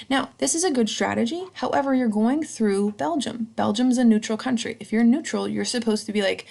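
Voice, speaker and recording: A woman's voice: fairly high pitch, normal speed, gravelly, hardly any pauses, a little mellow. A woman teacher giving a recorded history lesson, chatty and casual, checking in with a "right?" after each point. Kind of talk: recorded slideshow lecture.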